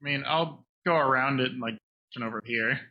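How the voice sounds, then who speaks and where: A man's voice: medium pitch, a little fast, dull audio. A man playing in a tabletop game who cracks jokes between his moves. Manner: joking, wisecracking. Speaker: player. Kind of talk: casual tabletop play.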